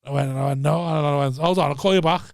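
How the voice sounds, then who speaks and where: A man telling a story on a podcast, animated and swearing as he acts out the voices. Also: a little high, fast talker, dry recording, clean studio sound. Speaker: comedian.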